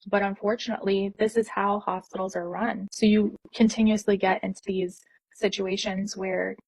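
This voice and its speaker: A woman nurse tells a personal story and acts out every quoted line with feeling. Her voice is soft and slightly breathy. The recording is close and dry, with no room echo. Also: medium pitch, level tone, normal speed. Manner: intense, emotional retelling with quoted dialogue.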